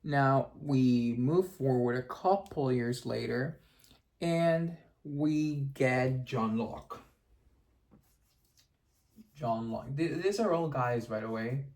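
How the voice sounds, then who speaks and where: A man's voice: mid-range voice, slow, darkish tone. A man hosting a casual explanatory history lesson, chatty and digressive, who breaks off for joking asides and corrects himself as he goes. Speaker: history lecturer and channel host.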